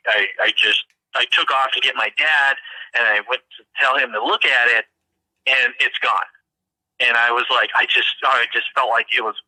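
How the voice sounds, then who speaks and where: A man earnestly telling of a strange encounter in casual first-person storytelling, halting and repeating words as he goes. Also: medium pitch, sharp tone, dry recording, poor audio. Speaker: witness recounting an encounter.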